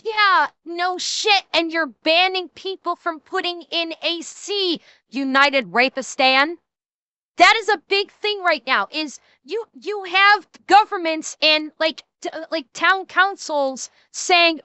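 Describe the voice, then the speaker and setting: A high-pitched woman streamer chats through a reaction video, rambling, laughing and swearing freely. Her voice is bright and sharp, recorded dry and close. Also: slow pace, dry recording. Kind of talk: casual reaction commentary.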